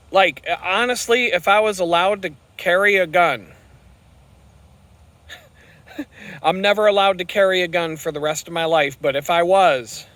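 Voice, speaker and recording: Forceful, profane man ranting on a bike ride. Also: sits high, dry recording. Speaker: vlogger. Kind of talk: rambling vlog while riding. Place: outdoors on a bicycle on the road.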